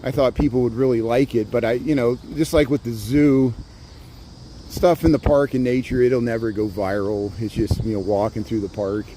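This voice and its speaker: Warm and medium-pitched, his voice holds a steady tone at normal speed, with slight background noise behind it. The speaker is a vlogger from the Chicago area who strolls through a city park outdoors, phone in hand, livestreaming, rambling chattily and greeting whoever tunes in.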